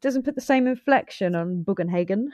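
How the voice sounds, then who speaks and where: A woman's voice: medium pitch, expressive, brisk, mellow. A woman co-hosting a film podcast, casual and playful chat with laughter. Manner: playful, laughs, does silly voices.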